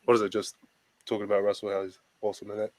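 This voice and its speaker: A man with a New Zealand accent, a basketball player giving relaxed, self-deprecating interview answers and calling everyone mate. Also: on the low side, rapid-fire, very noisy. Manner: laid-back, self-deprecating, says "mate" constantly.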